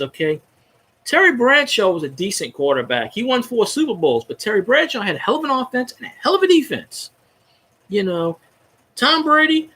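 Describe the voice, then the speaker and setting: A man's voice: sits high, pushed and bright, husky. A man hosting his own fan video, ranting casually and cursing freely about how his team gets treated. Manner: profane, fired-up ranting.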